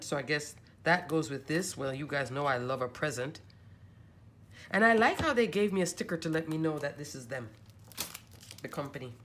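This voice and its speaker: A woman with a notably low-pitched voice talks her viewers through a craft supply haul. She is chatty and gushing, thinking aloud as she measures each piece. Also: fairly bright tone. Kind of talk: casual show-and-tell chat.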